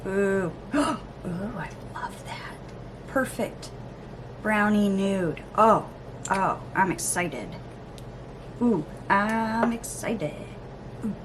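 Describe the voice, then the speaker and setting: A woman vlogger chatting casually through an unboxing, gushing, gasping and cooing with excitement. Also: mid-range voice, background noise. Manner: gushing, excitable, lots of gasps and oohs. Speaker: beauty vlogger.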